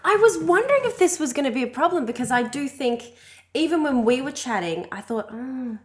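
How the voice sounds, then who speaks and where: A woman's voice: high voice, sing-song, fairly quick. A woman co-hosting a podcast, chatting expressively in a house and laughing often. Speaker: podcast co-host. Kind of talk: casual chat.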